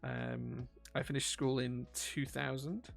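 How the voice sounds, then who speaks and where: A man's voice: mid-range voice, level tone, slow, vocal fry, soft background music. A man, chatting casually on a live stream while he builds a keyboard. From England. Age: 40s. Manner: chatty, self-deprecating, reads chat aloud.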